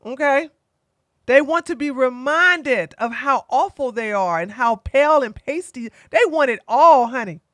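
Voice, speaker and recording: Blunt, high-voiced woman commentator. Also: a little slow, dry recording. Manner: blunt, animated, with mocking impressions. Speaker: online commentator and streamer. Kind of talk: opinionated commentary.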